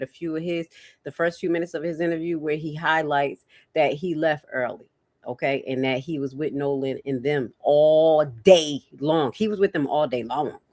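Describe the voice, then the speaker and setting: A woman hosting a livestream, chatting casually to her viewers and reacting out loud to interview clips. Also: low voice, no room sound, clean studio sound. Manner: chatty, reacts loudly, talks to her chat. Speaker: livestream host.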